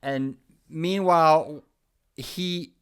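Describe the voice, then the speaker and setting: A man's voice: on the high side, extremely slow, a bit bright, clean tone. A man co-hosting a podcast, recapping a TV episode in casual chat with wry, sarcastic asides. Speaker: podcast co-host.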